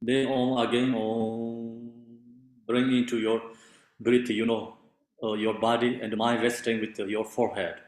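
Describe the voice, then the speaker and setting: Man, meditation teacher, halting non-native english, unhurried, mid-pitched, heavy room echo. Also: level tone. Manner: patient, unhurried explaining. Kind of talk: meditation instruction. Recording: very echoey room.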